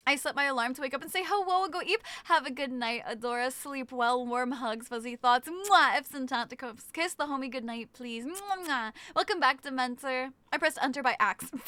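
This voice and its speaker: High bright-voiced playful woman streamer. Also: fairly quick, few pauses, dry recording. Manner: playful and teasing, reads chat aloud. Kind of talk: casual live-stream chat with viewers.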